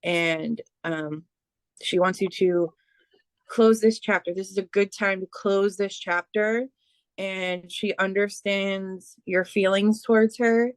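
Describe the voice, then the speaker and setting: A woman giving a spiritual reading as a medium, speaking haltingly with many fillers and restarts. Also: mid-range voice, steady tone, no room sound. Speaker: psychic medium.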